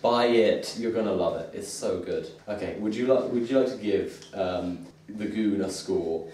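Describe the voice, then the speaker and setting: Man, comic review host, animated, low voice, very echoey room, distant mic. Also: normal speed, slight background noise. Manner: animated, retelling scenes with laughter. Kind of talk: casual chat.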